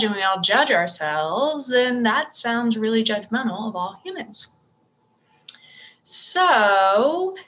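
A woman's voice: medium pitch, sharp tone, poor audio. A middle-aged woman hosting a casual solo podcast, chatty and upbeat with joking asides. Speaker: podcast host, pediatrician.

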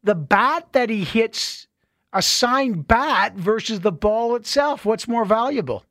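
A man's voice: high voice, animated, slow, a bit bright, dry recording, studio quality. A man hosting a call-in talk radio show, bantering playfully with callers and laughing often.

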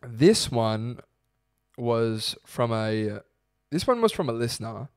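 A young Australian man co-hosting a podcast, telling a story with lively quoted voices. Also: mid-range voice, slow, smooth, no room sound, clean studio sound. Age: young adult. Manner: animated storyteller acting out quotes. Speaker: podcast co-host. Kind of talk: casual podcast chat.

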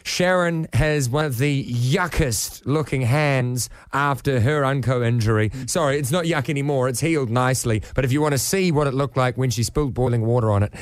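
A man, co-hosting a radio show with quick reactions and remarks. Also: medium pitch, no echo, studio quality. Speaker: radio co-host. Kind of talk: casual radio chat.

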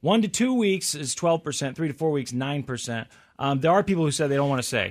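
A man's voice: fairly high pitch, expressive, a little fast. A man hosting a casual chat, reading out survey figures and adding wry comments. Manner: reads out survey stats with wry asides. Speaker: podcast host.

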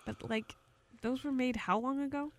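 A woman's voice: high-pitched, fairly even intonation, moderate pace. A young woman playing a podcast guessing game, blunt and confused about the questions. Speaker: podcast guest player. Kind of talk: casual podcast banter.

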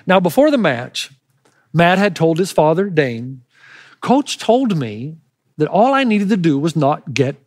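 High-voiced pastor telling a lively story. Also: male voice, no room sound, clean studio sound. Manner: animated storytelling, shouting out quoted cheers. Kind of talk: sermon.

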